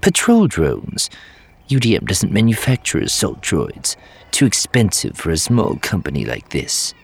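A man voicing a clever, self-assured male spy advisor who talks in a brisk, reassuring way. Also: low voice, wildly swooping pitch, creaky, slightly rough, voice pushed up, exaggerated voice. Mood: confident.

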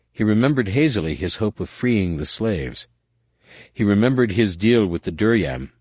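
Deep-voiced man narrating a dramatic story. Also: no room sound, studio quality. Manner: measured, dramatic, with slow emphatic pauses. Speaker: audiobook narrator. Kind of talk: scripted narration.

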